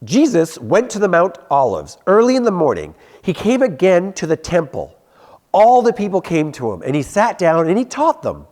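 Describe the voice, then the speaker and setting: Lively, animated male youth pastor. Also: high voice, normal speed. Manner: animated, acts out voices, laughs at own stories. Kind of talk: youth sermon with storytelling.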